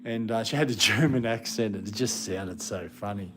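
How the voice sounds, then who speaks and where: With music in the background, a man from Australia talks on a live stream at a normal speed, his voice on the low side. His chat is casual and wandering, interrupted every so often when he tells off his dogs.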